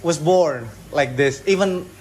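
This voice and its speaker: Indonesian-accented man, retreat staff, rapid speech with restarts, fairly high voice, faint background ambience. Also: darkish tone, a little hiss or hum, rough recording. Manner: fast-talking, hesitant restarts. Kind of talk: casual interview. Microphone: phone held nearby.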